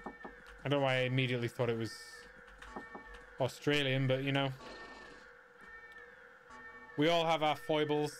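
A man's voice: medium pitch, little pitch movement, a little slow, pauses often, faint music behind. A man giving casual, wry commentary while playing a video game, muttering dry asides to himself. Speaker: let's play gamer.

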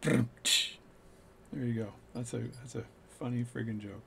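A man's voice: medium pitch, fairly even intonation, moderate pace, creaky, dark tone, a little hiss or hum. A middle-aged man, a watchmaker, chatting and joking while giving a play-by-play of his work at the bench. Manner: chatty, joking, narrates as he works. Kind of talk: workbench play-by-play chat.

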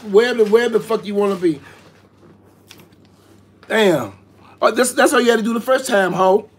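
A man's voice: high-pitched, normal speed, breathy edge. A man in joking banter, talking in an insistent, exasperated way and swearing freely. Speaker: co-host.

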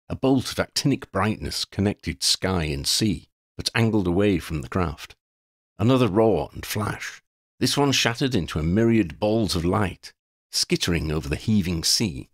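A man reads a storybook aloud in a dramatic, measured way. His voice is low with a lively, varied pitch, and it is recorded close and dry. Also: no room sound. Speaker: audiobook reader. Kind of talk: storybook narration.

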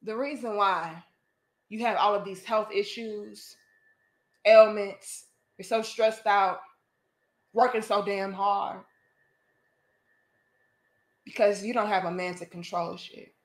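A woman's voice: medium pitch, steady tone, slow, pauses often, roomy sound. A woman vlogger giving a preachy, profane opinion monologue to a live audience, full of pointed rhetorical questions.

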